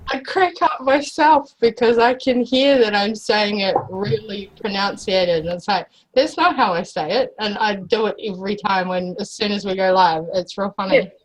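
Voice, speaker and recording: A woman's voice: medium pitch, moderate pace, few pauses, low-quality recording. A woman hosting a casual livestream chat, bantering and laughing easily with her co-hosts over a video call. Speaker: show host.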